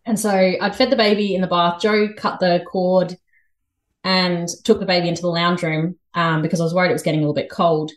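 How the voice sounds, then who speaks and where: A woman in her thirties with an Australian accent, a podcast guest telling a story in a lively, chatty way and laughing often. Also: fairly low pitch, fairly quick. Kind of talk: casual storytelling interview.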